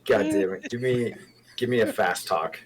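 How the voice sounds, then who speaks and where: A man's voice: on the low side, normal speed, over a noisy crowd, low-quality recording. A man running a tabletop horror game as game master, narrating in a wry way.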